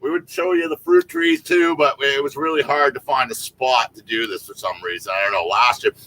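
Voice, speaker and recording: A very bright, sharp-toned man chatting on a casual livestream, his pitch swinging up and down as he jokes around. He talks into a laptop mic outdoors in a backyard. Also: big pitch swings, fairly quick, slight background noise, rough recording. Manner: jokey, loud bursts of mock singing. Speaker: co-host of a livestream. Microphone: laptop microphone.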